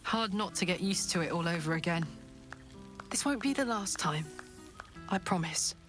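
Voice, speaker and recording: An actress voicing a boisterous, swearing, affectionate tiefling warrior woman in a video game, loud and blunt, laughing easily. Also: lowish voice, animated, normal speed, soft background music. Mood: fond, excited.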